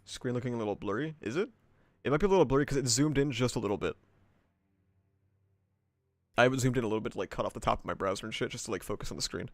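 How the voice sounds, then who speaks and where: A man's voice: medium pitch, very fast, long pauses, no echo. A man streaming himself reading a novel aloud, breaking off into casual, profane asides and laughter.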